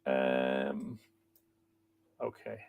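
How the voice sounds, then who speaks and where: A man's voice: rumbling low, animated, drawn-out words, creaky, smooth, narrow, tinny audio. A man hosting a live stream, reading a history book aloud and chatting with viewers' comments in a rambling, chatty way. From Ireland. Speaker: livestream host.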